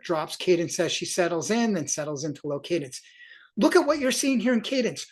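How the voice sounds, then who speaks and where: A cycling coach walking athletes through a workout review on screen, talking in an enthusiastic, encouraging and loose way with frequent self-corrections. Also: medium pitch.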